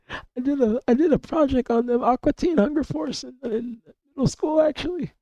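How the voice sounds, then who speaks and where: A sick young man whose hoarse, breaking voice keeps jumping up high, chatting on a live stream. He rambles, repeats himself and swears freely. His tone is dark and muffled, recorded close and dry. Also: moderate pace, no room sound. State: hoarse, voice cracking and going high from illness. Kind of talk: casual live-stream chat.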